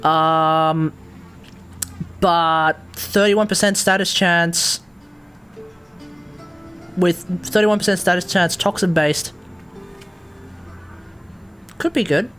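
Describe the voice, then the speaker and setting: A man's voice: high-pitched, steady tone, slow, long pauses, bright, forceful tone, faint music behind. A man with an Australian accent giving rambling, chatty commentary while live-streaming a video game, often correcting himself.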